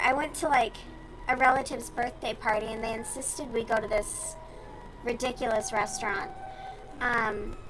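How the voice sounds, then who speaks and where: A woman's voice: high voice, a bit bright, poor audio. A young woman from the US South chatting casually and bluntly with her stream viewers while she crochets, with plenty of swearing.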